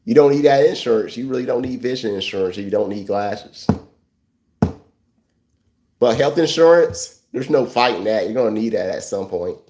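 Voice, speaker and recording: A man's voice: mid-range voice, animated, normal speed, warm tone, a little hiss or hum, low-quality recording. Rambling man livestreaming to chat. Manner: rambling, repeats himself with restarts, chuckles at chat. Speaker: livestream host. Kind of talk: casual livestream talk to viewers.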